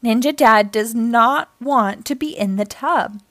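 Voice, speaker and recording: A woman's voice: on the high side, unhurried, fairly bright tone, no room sound, studio quality. A woman voicing a frazzled storybook dad. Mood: pleading calm. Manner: pleading, wailing. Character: frazzled dad trying to stay calm.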